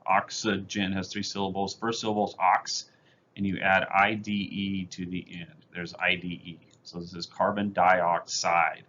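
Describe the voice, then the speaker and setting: A man's voice: sits low, level tone, unhurried, pushed and bright, lo-fi sound, slight background noise. A male chemistry teacher giving a recorded lecture over slides, explaining step by step in a plain, methodical way with casual fillers.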